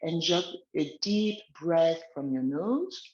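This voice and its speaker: Slow, gentle woman guiding a relaxation exercise. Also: low-pitched, sing-song, reverberant, muffled recording. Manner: slow, gentle guiding of breathing and neck movements. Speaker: wellness instructor. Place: outdoors in the countryside, chickens nearby.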